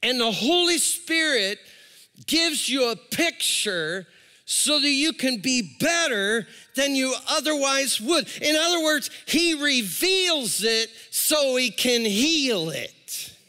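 A man's voice: extremely high pitch, big pitch swings, slow pace, sharp tone, long reverb tail. A man preaching a sermon as pastor, talking animatedly, repeating words and calling out to the congregation.

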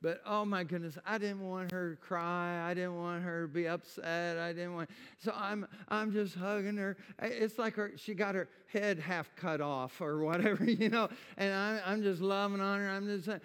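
A man preaching a sermon in a church, his voice swelling with feeling on quoted words of God and dropping low and intimate between them. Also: fairly even intonation, normal speed, few pauses, a bit bright, clear, resonant tone, in a large hall. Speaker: pastor. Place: church sanctuary.

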